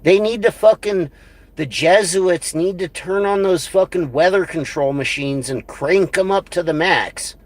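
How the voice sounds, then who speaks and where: A man's voice: high-pitched, a little slow, no room sound. A man on a livestream, ranting crudely and scornfully in a rambling way. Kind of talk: profane livestream rant.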